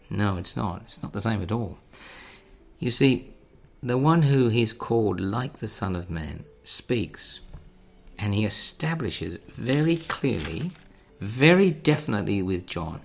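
A man preaching a sermon in an earnest, measured way, rising to emphatic stresses. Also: mid-range voice, creaky.

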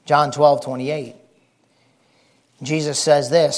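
A man preaching a folksy, excitable sermon, shouting and whispering for effect. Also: fairly high pitch, drawn-out words, long pauses.

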